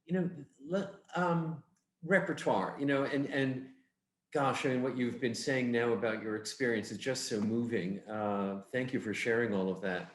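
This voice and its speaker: A man's voice: medium pitch, fairly even intonation, moderate pace, roomy sound. A man interviewing an opera singer, listening attentively and asking supportive questions. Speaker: interviewer, arts organization head. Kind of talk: oral history interview.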